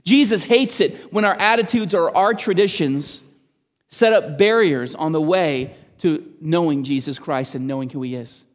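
A man, a pastor, preaching a sermon in an animated, emphatic way with frequent restarts. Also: on the high side, normal speed, long reverb tail. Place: church.

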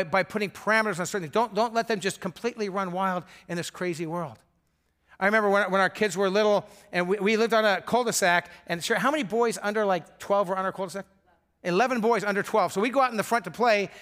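A man's voice: high-pitched, fairly bright tone. A middle-aged male pastor preaching a sermon in an earnest, emphatic way.

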